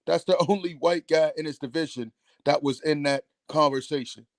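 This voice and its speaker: On a call-in radio show, a man rants angrily and forcefully, swearing as he goes. He speaks at normal speed in a slightly high voice, and there's no echo.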